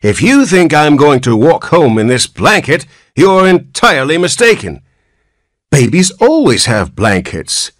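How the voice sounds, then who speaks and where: A man voicing a cranky, ancient old man newly born as a baby, with a cracked, whining voice that turns shrill. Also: sing-song, measured pace, a bit bright, no echo, clean studio sound. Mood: peevish. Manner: querulous whine, rising to shrill protest.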